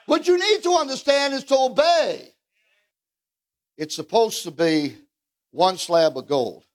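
A man preaching a fiery revival sermon, asking the congregation questions, calling for amens and breaking into shouts. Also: sits high, measured pace, long pauses. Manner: fiery, rhetorical, calls for amens, bursts into shouts.

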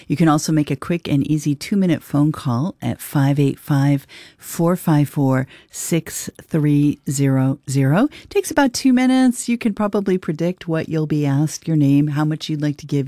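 A woman hosts a morning classical music radio show, chatty and upbeat as she pitches a pledge drive. Her voice is mellow and warm. The studio sound is close and dry. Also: no echo. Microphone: studio microphone.

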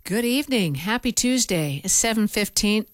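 A woman radio DJ introducing her show in a relaxed, chatty way from a station studio. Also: mid-range voice, normal speed, no echo. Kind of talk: casual radio chat.

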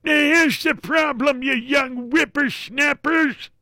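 A man putting on the voice of a cranky old grandpa scolding young people, high and drawn out. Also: takes it slowly, bright, forceful tone, no room sound, studio quality, heavily acted.

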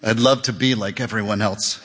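A man reading a guarded, tired man on the phone in a husky, low, muted voice. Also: steady tone, moderate pace, fairly bright tone. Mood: weary. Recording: long reverb.

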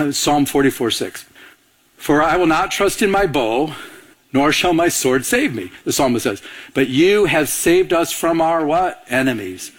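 A male pastor preaching a sermon, asking the congregation questions, leaving blanks for them to fill in, and laughing between points. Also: a little high. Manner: animated preaching with call-and-response questions.

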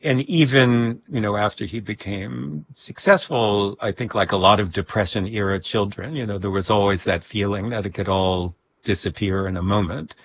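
A man recalling personal memories in a reflective interview, with a husky voice and soft laughs. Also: lowish voice, steady tone, moderate pace, hardly any pauses, dull audio, slight background noise. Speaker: guest. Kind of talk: reflective storytelling.

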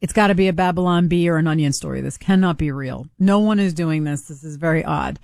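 A woman co-hosting a talk radio show, quick and playfully teasing in casual banter. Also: sits low, creaky, darkish tone, no room sound, clean studio sound. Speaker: radio co-host and podcaster.

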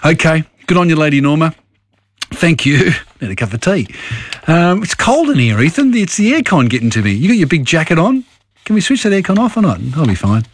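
A man's voice: on the high side, sing-song, a little fast. Easygoing male radio host. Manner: easygoing, conversational, chatty asides. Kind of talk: talk radio hosting. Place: radio studio. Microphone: studio mic.

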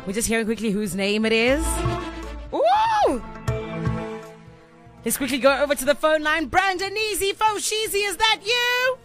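A woman, hosting a lively radio giveaway with lots of affectionate banter. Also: high-pitched, a little fast, few pauses. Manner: bubbly, affectionate, laughs often. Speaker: radio host. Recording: radio studio with music bed.

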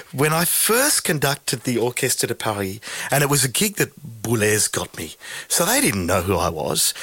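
A man's voice: medium pitch, slightly rough, no echo. A middle-aged conductor, a guest telling stories in conversation and often restarting words as he goes. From Australia. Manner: lively storyteller, repeats words when restarting. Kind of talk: anecdotal conversation.

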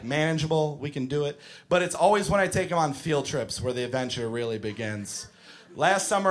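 A man doing stand-up comedy, telling stories with animated, shouted acted-out bits. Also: on the high side. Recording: live show with audience laughing. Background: crowd laughter.

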